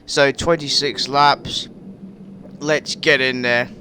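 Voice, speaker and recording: A man's voice: mid-range voice, steady tone, takes it slowly, pushed and bright, slight background noise. A man with a West Midlands Black Country accent, chatting casually as he introduces a racing game session, rambling and correcting himself. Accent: West Midlands English, Black Country. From England. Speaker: gaming video host.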